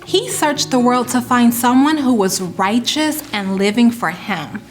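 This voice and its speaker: A woman hosting a children's Bible lesson, narrating the story clearly in a way meant for kids. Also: a little high, lively intonation, unhurried.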